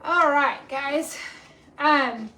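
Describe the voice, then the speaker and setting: A woman's voice: high-pitched, drawn-out words, sharp tone. A woman hosting a home cooking live stream, chatting in a rambling way with lots of ums as she cooks in her kitchen. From Texas. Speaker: cooking show host.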